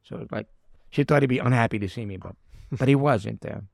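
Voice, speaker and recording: A man's voice: mid-range voice, brisk, gravelly, darkish tone, dry recording, clean studio sound. A middle-aged actor telling anecdotes in a casual chat, acting out the people he quotes. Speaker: actor guest.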